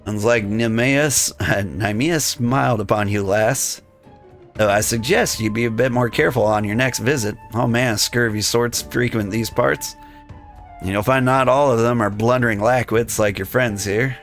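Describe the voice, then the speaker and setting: A man reading a gruff male rogue guild thief who talks in conspiratorial thieves' slang. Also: medium pitch, normal speed, a bit bright, soft background music, natural voice. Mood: wry.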